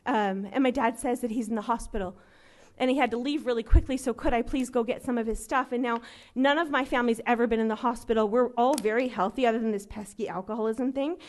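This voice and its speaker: A woman with a high, light voice, in her thirties, tells her own recovery story to a meeting room. She talks earnestly and loosely, with lots of "like" and "um", and briefly acts out what others said to her. Her delivery stays conversational and personal. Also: fast. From Los Angeles.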